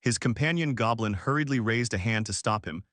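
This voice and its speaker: A man narrating a comic story recap in a scripted, animated style. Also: mid-range voice, a little fast, no echo, clean studio sound.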